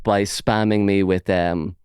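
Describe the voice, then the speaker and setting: A man's voice: sits low, level tone, unhurried, a little mellow, clean tone, no echo, clean studio sound. A man with an Irish accent hosting a casual podcast chat, sweary and mocking as he rambles. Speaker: podcast host.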